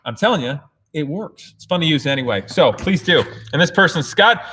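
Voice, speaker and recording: Excitable American man with a higher voice. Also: a little fast, husky. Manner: energetic, excitable, laughs often. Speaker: host. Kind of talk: casual livestream Q&A. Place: indoor race shop.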